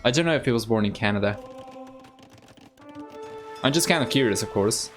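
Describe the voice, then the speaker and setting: Over background music, a man with a medium-pitched, expressive voice speaks at normal speed in an Argentine accent; Spanish is his first language. He's a game caster and streamer giving laid-back live commentary on a strategy game, thinking aloud and talking with viewers.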